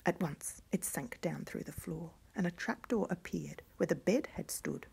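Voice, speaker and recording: A woman reading a fairy tale aloud in a hushed voice that often drops to a whisper. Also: on the low side, normal speed, vocal fry, breathy edge. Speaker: storyteller.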